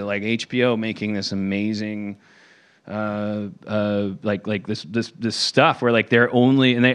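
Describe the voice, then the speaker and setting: A man hosting a podcast, tipsy and rambling in halting, restarting casual talk. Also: mid-range voice, fairly bright tone. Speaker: podcast host. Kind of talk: casual chat.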